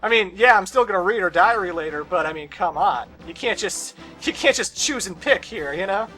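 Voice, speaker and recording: A man's voice: high voice, animated, fairly quick, bright, forceful tone, soft background music. A young man commenting on a video game as he plays, casual and sarcastic, with ranting asides and swearing. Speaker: let's play host.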